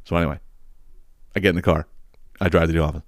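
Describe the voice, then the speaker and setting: Philly-guy telling a story, swears a lot, kinda low voice, dry close sound. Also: quick pace, dry recording. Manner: profane, animated storyteller who acts out quotes. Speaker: podcast host. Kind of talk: casual storytelling.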